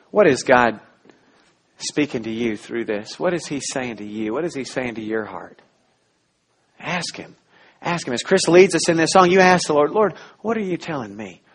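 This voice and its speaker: Husky-voiced man preaching a sermon. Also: mid-range voice. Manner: earnest, many restarts, swings from loud emphasis to soft near-whisper. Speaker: pastor.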